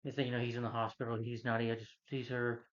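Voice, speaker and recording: A man in the middle of a loose, rambling movie review, working through the plot with fillers at every turn. His voice sits at an ordinary middle pitch. The recording has a slightly muffled, lo-fi quality. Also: level tone, fast talker. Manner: loose, meandering retelling with many fillers. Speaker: film reviewer.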